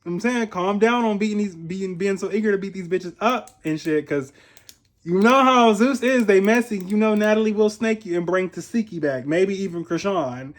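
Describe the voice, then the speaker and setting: A young man from Ohio giving a casual, profane commentary on a reality show. He is chatty, laughs often and makes animated asides. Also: sits high, normal speed. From Columbus, Ohio, USA. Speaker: reality TV reviewer.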